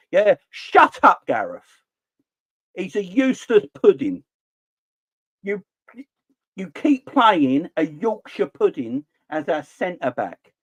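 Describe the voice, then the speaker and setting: Exasperated, animated football ranter. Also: male voice, medium pitch. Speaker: football channel host. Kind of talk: opinionated football rant.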